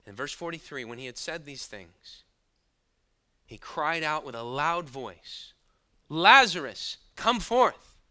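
A man preaching a sermon, moving between quiet, hushed asides and sudden loud bursts, and chuckling now and then at his own points. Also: medium pitch, a little slow. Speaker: pastor.

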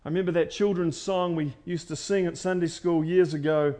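A man. He swings between loud, ringing declarations and quiet, hushed lines, and repeats key phrases for weight. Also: a little high, steady tone, a little fast, few pauses. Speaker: preacher. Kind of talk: sermon.

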